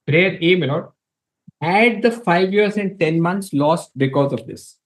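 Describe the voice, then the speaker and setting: Male advocate, formal courtroom pleading, deferential yet emphatic, slightly high voice. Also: unhurried, rough recording. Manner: deferential, repeatedly saying my lord; emphatic, reads passages from documents.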